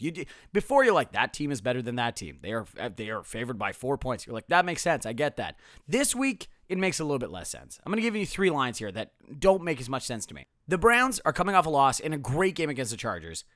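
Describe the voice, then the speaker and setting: Fast, lively male podcast host, sarcastic, bright voice, dry close mic. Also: on the high side, no echo. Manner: sarcastic, self-mocking, animated. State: strained voice. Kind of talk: casual solo podcast.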